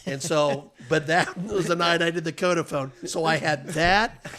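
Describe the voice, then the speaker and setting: A man on a podcast as guest, telling casual anecdotes with animated delivery and frequent chuckles. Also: fairly high pitch, normal speed. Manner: animated storyteller, chuckles often.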